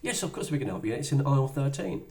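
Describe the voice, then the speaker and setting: A man's voice: mid-range voice, lively intonation, quick pace, creaky, a little mellow, a little hiss or hum. A middle-aged man giving a motivational sales talk in a chatty way, acting out little dialogues as he goes. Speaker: business trainer.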